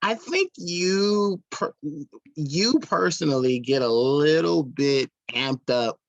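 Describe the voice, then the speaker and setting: A man's voice: fairly high pitch, expressive, takes it slowly, vocal fry, no echo, dull audio. Laughing, teasing podcast co-host man. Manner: laughs often, interrupts, teasing. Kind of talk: casual chat.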